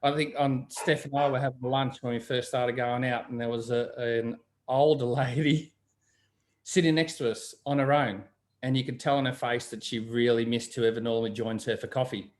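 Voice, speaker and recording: A man's voice: mid-range voice, fairly even intonation, normal speed, a little mellow. A man in casual chat, telling stories and acting out the voices of people he quotes. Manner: chatty storyteller, acts out quoted voices. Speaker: guest.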